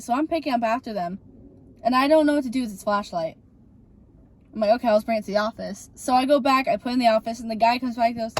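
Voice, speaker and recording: A young woman co-hosting a casual chat, telling a rambling work story. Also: a little high. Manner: chatty, rambling with fillers. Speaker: podcast co-host.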